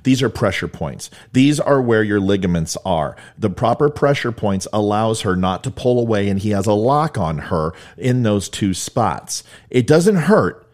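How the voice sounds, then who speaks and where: A man's voice: lowish voice, expressive, moderate pace, hardly any pauses. Blunt man commentating on footage. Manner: emphatic, blunt, explaining step by step. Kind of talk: video commentary on police footage.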